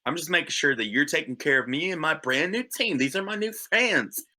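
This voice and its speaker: A man's voice: a little high, lively intonation, a little fast, pushed and bright, voice pushed up. A man voicing a forty-five-year-old female halfling who is pushy and intimidating, calling people sweetheart. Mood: coaxing. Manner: calls people sweetheart, coaxing then firm.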